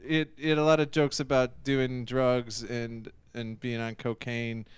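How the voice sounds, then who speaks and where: A man's voice: mid-range voice, flat delivery, unhurried, clean tone, no echo. A man chatting casually about comedy sets, hesitant and often trailing off. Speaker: stand-up comedian. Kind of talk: casual chat.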